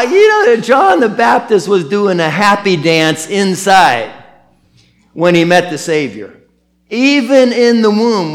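A man preaching a sermon as pastor, animated, acting out the quotes he tells. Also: a little high.

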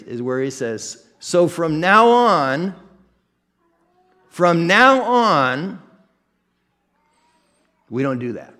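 A man with an American Midwestern accent, a pastor delivering a conversational sermon with frequent restarts and candid asides. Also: on the high side. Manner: conversational, self-deprecating, with many restarts.

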